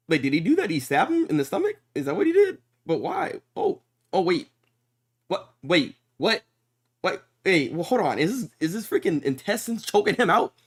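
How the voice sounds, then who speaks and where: Excitable man reacting live. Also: fairly high pitch, breathy edge. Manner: excitable, exclamatory, casual swearing, frequent restarts. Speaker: manga reaction streamer. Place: untreated room with noticeable echo.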